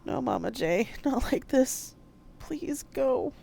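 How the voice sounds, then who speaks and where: A woman reading aloud, voicing a frightened young woman who shouts and pleads in panic. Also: high voice, wildly swooping pitch, slow, gravelly, voice pushed up, full character voice. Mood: tearful.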